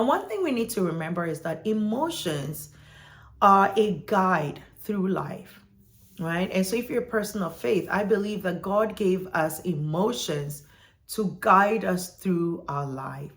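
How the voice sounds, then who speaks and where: A parenting educator teaching parents in a talk, checking in with listeners and asking them to look back at their own childhood. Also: mid-range voice. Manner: checks in with listeners with "right?" after points; asks listeners reflective questions.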